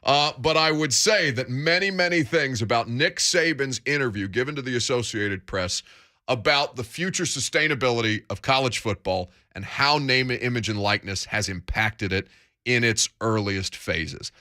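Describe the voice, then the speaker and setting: A male sports radio host with a bright, forceful voice. He keeps the banter casual and dry, slipping in wry jokes. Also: mid-range voice, moderate pace.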